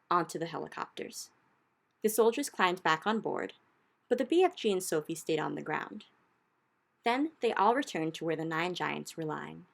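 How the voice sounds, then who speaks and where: A woman narrating a children's book aloud in an expressive storytelling style, lifting her voice for the exciting moments. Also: fairly low pitch, creaky.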